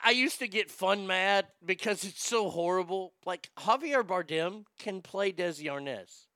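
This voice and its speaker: High, bright, gravelly-voiced ranting man. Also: no echo, clean studio sound. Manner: profane, rambling, animated. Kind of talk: casual ranting commentary.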